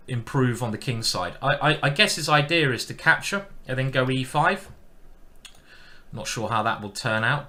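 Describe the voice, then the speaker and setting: A man talking through his chess moves on a live stream, musing out loud and teasing himself as he goes. His voice is bright and ringing. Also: mid-range voice, a little slow. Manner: chatty, thinking aloud, self-mocking.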